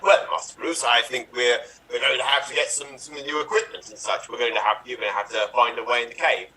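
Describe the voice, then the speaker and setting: A man's voice: mid-range voice, flat delivery, fast, pushed and bright, recorded from a distance, close to an everyday voice. A man voicing a loyal, polite old male butler who speaks deferentially. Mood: dutiful.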